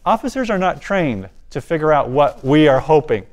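Speaking at a normal speed, a man gives a personal testimony as a guest speaker. He's animated, frequently dropping his voice low for the quieter moments.

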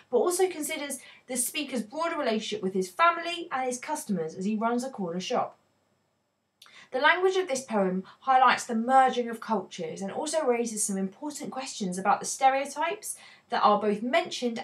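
A woman teaching a poetry analysis lesson, explaining in a clear, earnest way with emphatic stresses. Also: a little high.

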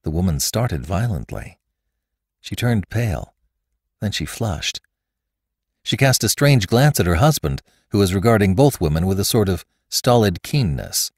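Deep-voiced man narrating a classic tale. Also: unhurried, breathy edge, no echo, studio quality. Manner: expressive reading. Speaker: podcast narrator. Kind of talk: scripted storybook narration.

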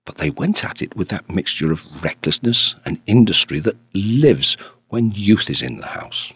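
A man narrating a classic detective story in an expressive, animated reading. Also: on the low side, husky, dry recording. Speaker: audiobook narrator. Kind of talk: scripted narration.

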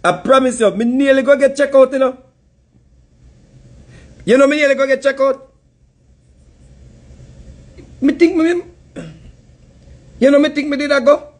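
High-voiced Jamaican man ranting. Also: fairly even intonation, measured pace, pauses often. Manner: heated, mocking, laughs often. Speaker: commentary host. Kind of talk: casual commentary rant.

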